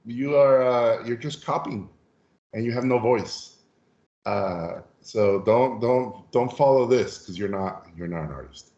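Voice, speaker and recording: A man voicing a gruff older art teacher from Hungary with a thick Hungarian accent, blunt and scolding. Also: mid-range voice, expressive, measured pace, dark tone, echoey room, muffled recording. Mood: stern.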